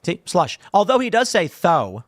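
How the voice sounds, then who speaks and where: A man's voice: high-pitched, huge pitch swings, normal speed, no room sound. A man hosting a commentary show, talking in a rambling, jokey way with lots of asides, from a studio room. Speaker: host.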